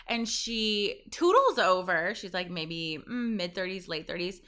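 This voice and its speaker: A woman's voice: on the low side, expressive, measured pace, hardly any pauses, sharp tone, slight background noise. A woman from Canada, hosting a podcast in a rambling, profane, casual chat and laughing at her own jokes. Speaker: podcast host.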